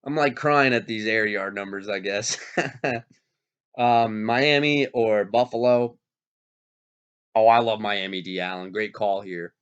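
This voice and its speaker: Still recovering from being sick and coughing, this fantasy football league host talks casual fantasy sports in a lowish, smooth voice at a slow pace with long pauses. His manner stays animated and hyped, full of self-interruptions and corrections. The audio is dull and lo-fi.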